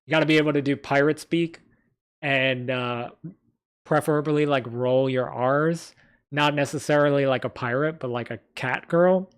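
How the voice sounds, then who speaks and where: A man's voice: medium pitch, steady tone, normal speed, clean tone. A man chatting casually on a live stream about his own fantasy writing, rambling and hesitant, with frequent restarts and fillers.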